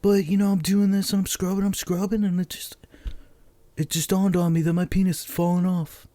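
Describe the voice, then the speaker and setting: A man's voice: sits high, level tone, a little fast, warm tone, no echo, voice pushed up, lightly acted. A man doing an impression of a boastful, rambling older male politician. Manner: boastful, rambling, self-satisfied.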